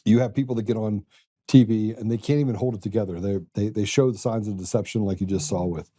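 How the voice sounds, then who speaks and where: A man's voice: on the low side, steady tone, quick pace, dark tone, slightly rough. A man hosting a political talk podcast, telling stories in an earnest conversational way. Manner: earnest, storytelling. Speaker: podcast host.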